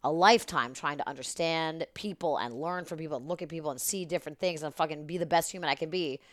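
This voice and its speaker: Woman guest, low voice, dry close mic, rambling and profane storyteller. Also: quick pace, dry recording. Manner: rambling, animated, swears freely. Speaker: podcast guest. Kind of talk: casual storytelling chat.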